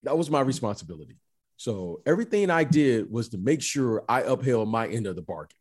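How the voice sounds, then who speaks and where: A middle-aged man telling stories in a casual chat, emphatic and animated, often repeating the listener's name. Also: medium pitch, a little fast. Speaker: former basketball player, guest.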